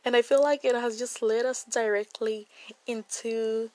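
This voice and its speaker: A woman's voice: fairly high pitch, steady tone, a little slow, darkish tone, dry recording, low-quality recording. A young woman giving a devotional Bible reflection in an earnest way, often repeating phrases for emphasis.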